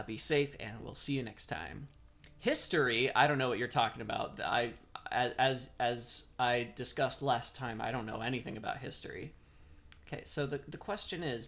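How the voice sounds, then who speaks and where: A man's voice: medium pitch, a bit bright. A man chatting casually as a streamer while playing a game, rambling and self-deprecating. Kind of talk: casual gameplay commentary.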